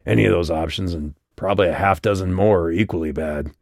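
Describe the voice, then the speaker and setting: A man reading the lines of a calm, evasive male character who just woke up, in an audiobook. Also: vocal fry, no echo, studio quality. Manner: low, unhurried and evasive. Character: calm, cryptic, drowsy male traveler.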